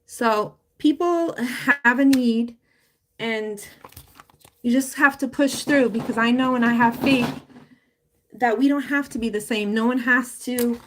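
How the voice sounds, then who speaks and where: A woman chats on a live stream through a close phone mic, her voice sitting a little higher than most. She rambles warmly through her story with lots of fillers and restarts. Her voice wavers with emotion as she talks. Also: unhurried, a little hiss or hum. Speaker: livestreamer promoting a home business. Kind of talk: casual live-stream talk.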